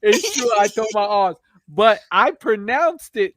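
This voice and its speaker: New York male stream host, chatty, reads comments aloud, a bit high-pitched. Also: lively intonation, unhurried, few pauses, fairly bright tone, no echo. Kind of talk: casual live stream chat.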